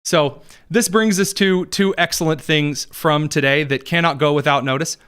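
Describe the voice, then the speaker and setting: A man hosting a political commentary show, talking in an animated, opinionated monologue. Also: fairly high pitch, normal speed, clear, resonant tone. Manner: animated, does mocking voices for quotes.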